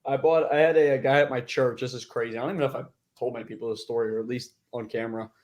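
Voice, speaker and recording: A man hosting a casual interview, telling animated stories and acting out the people he quotes. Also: medium pitch, rapid-fire. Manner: animated storyteller, acts out quoted voices. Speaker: host.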